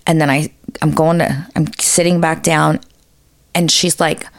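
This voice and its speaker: A woman's voice: low-pitched, unhurried, no room sound. Profane storytelling woman, dry close sound. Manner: profane, animated storytelling with many fillers. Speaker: podcast co-host. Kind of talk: casual storytelling chat.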